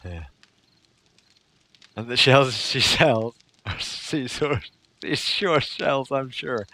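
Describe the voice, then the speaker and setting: Goofy, lively-voiced male game streamer. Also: medium pitch, slow pace, long pauses. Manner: goofy, rambling, playing with tongue twisters. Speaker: gaming streamer. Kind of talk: playful live-stream chatter.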